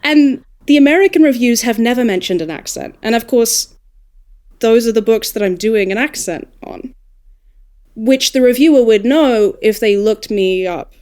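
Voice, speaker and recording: An Australian woman talking shop in a relaxed podcast chat, her voice sitting a little high. She talks with animated asides and often restarts her sentences as her thoughts run ahead. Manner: animated, quick asides and self-corrections. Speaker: audiobook narrator and dialect coach guest.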